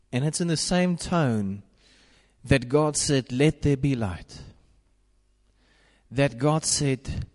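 A man's voice: mid-range voice, takes it slowly, long pauses, a little mellow, in a large hall. A man preaching a sermon, repeating declarations in a rhythmic, emphatic cadence.

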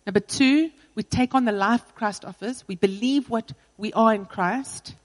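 A woman's voice: a little high, unhurried, big-room sound, poor audio. A woman pastor preaching a sermon in an earnest, personal way, driving her points home with repetition.

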